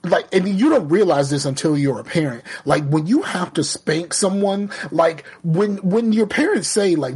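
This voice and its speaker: A man's voice: sits high, expressive, moderate pace, few pauses, darkish tone, breathy edge. A man in casual podcast chat, rambling through a candid story with lots of restarts and the odd swear. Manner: profane, candid.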